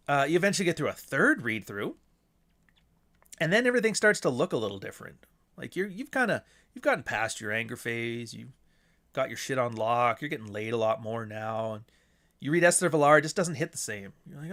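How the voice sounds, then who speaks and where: A man's voice: medium pitch, big pitch swings, a little fast, fairly bright tone. A man hosting a podcast alone, rambling casually and swearing, with mocking asides. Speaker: podcast host. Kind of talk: casual solo monologue.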